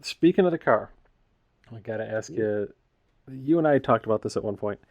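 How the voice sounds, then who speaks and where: A man hosting a podcast, prompting his guest with questions and quick asides. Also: fairly low pitch, animated, creaky, a little mellow, lo-fi sound. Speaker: podcast host. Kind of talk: casual chat.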